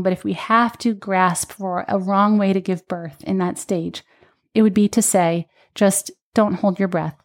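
A woman who teaches birth classes, telling her own birth story in casual podcast chat, acting out the lines she quotes. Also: medium pitch. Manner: animated storytelling with quoted voices. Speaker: birth educator.

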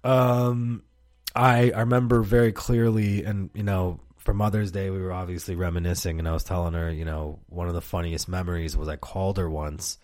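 A man's voice: deep voice, level tone, normal speed, a little mellow, no echo. A man hosting a podcast, telling stories in a rambling, profane, casual way and laughing often, close to the mic. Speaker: podcast host. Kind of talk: casual storytelling monologue.

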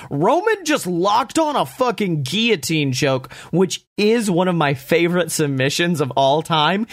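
A young man casually reviewing a wrestling show, excitable and profane, often acting out what the wrestlers say. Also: fairly high pitch, dry recording, studio quality. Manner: profane, excitable, acts out quotes.

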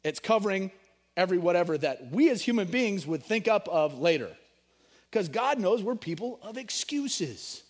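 Animated man preaching a sermon. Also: sits high, moderate pace. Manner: animated, swings between loud emphasis and hushed storytelling. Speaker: pastor.

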